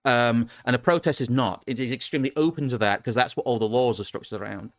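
A man's voice: medium pitch, fast talker, no echo, studio quality. A man from England hosting a casual political talk show, rambling with frequent restarts and laughs. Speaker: podcast host.

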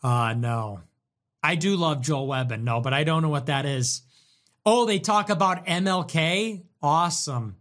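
A man hosting a livestream, reacting to chat messages in a sarcastic, mocking way with quick swings in tone. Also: a little high, animated, fairly bright tone. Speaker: livestream host.

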